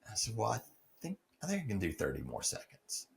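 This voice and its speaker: A man's voice: lowish voice, huge pitch swings, brisk, creaky. A middle-aged man earnestly telling a personal story as a podcast guest, acting out the dialogue he quotes.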